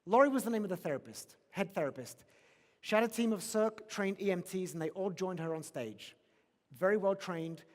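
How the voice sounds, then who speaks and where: A man's voice: high-pitched, brisk. A man giving a motivational conference keynote, emphatic and repeating his key questions. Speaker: keynote speaker. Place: large conference hall. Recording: long reverb of a large hall.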